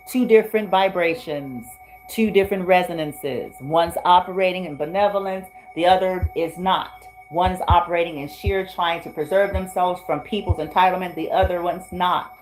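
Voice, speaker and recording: A woman's voice: lowish voice, darkish tone, poor audio. A woman giving a spoken tarot reading in a blunt, profane, slangy way. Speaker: tarot reader.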